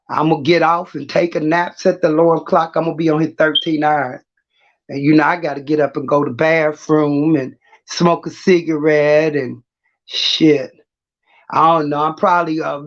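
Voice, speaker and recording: Brash woman with a lo-fi livestream sound. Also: low voice. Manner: brash, trash-talking, laughs often. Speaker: livestream host. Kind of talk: casual livestream talk. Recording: muffled lo-fi audio.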